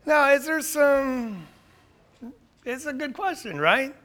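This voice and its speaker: A middle-aged pastor preaching a sermon, animated and full of rhetorical questions. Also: male voice, very high voice, takes it slowly.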